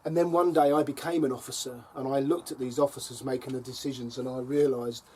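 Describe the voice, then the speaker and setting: On his allotment plot beside a fire, a middle-aged vlogger chats to camera, telling wry stories broken up by chuckles and dry jabs. He talks fast in a steady, medium-pitched, darkish voice, with slight background noise.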